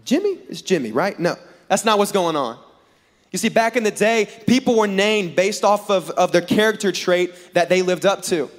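A man's voice: sits high, normal speed. A man preaching a sermon to a live audience, telling a funny story and acting out the dialogue in voices. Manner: animated, acts out dialogue in voices, jokes with the crowd. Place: large hall with a live audience on stage. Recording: long hall reverb.

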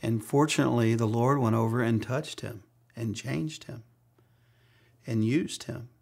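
A middle-aged male pastor preaches with an easy storytelling flow. His voice sits at an ordinary male pitch, and he slips in playful acted-out quotes while keeping the message earnest. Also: measured pace, gravelly, darkish tone. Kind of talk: sermon.

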